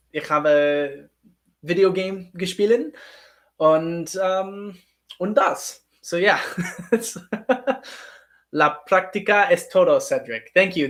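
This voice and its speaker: A man's voice: a little high, fairly bright tone. A man, a professional actor, chatting casually on a livestream, answering viewers and poking fun at himself. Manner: chatty, self-deprecating, reads and answers chat. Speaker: actor and streamer.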